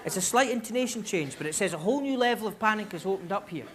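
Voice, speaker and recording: Animated Scottish stand-up comedian on stage. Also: male voice, high voice, quick pace. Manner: animated storytelling with loud shouted impressions. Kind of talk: stand-up storytelling. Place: large concert hall stage. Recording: live theatre audience laughter, noisy.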